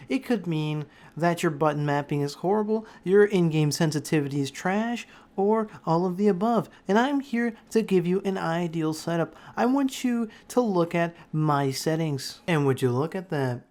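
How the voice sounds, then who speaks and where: A man's voice: high-pitched, lively intonation, moderate pace, hardly any pauses, darkish tone. Male tutorial narrator, mock-stern classroom-teacher delivery, crude jokes. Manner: mock-serious teacher bit, swears often. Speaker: gaming tutorial creator. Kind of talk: jokey gameplay tutorial voice-over.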